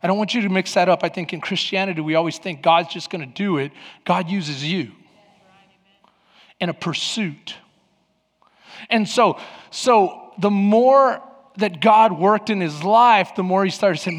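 A middle-aged man preaching a sermon, telling stories and acting out scenes, getting loud when worked up. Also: sits high, unhurried. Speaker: pastor. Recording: long hall reverb.

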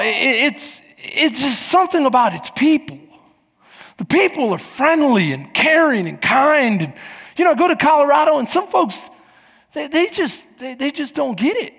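A man's voice: extremely high pitch, gravelly. A man from Texas, preaching a sermon in a church and acting out the people in his stories. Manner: animated, acts out quoted voices. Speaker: pastor. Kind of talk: sermon with storytelling. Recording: echoey hall.

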